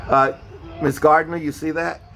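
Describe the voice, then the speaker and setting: A man's voice: fairly high pitch, little pitch movement, moderate pace, vocal fry, pushed and bright, slight background noise. A man teaching a beginner Spanish lesson over a video call, patiently repeating each question and spelling words out letter by letter. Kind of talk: online beginner language lesson.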